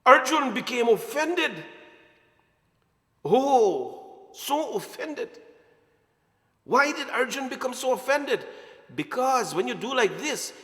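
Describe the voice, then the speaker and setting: Man, preacher, devotional storytelling, animated, bright voice, echoey hall. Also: extremely high pitch, slow pace, long pauses. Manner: animated, chuckling, mixing Hindi words.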